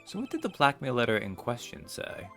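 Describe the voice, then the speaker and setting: A man's voice: mid-range voice, huge pitch swings, brisk, fairly bright tone, soft background music. A man voicing an earnest young defense attorney who presses a witness with questions. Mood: pressing.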